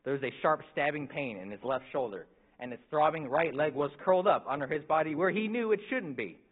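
Husky narrator, tinny sound. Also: male voice, fairly high pitch. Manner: vivid storyteller, playful timing. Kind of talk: scripted dramatic narration. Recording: tinny lo-fi recording.

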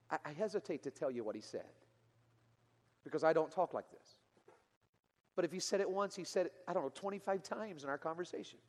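Earnest preacher man in a reverberant hall. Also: medium pitch. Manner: earnest, building to loud emotional peaks then dropping quiet. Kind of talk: sermon storytelling.

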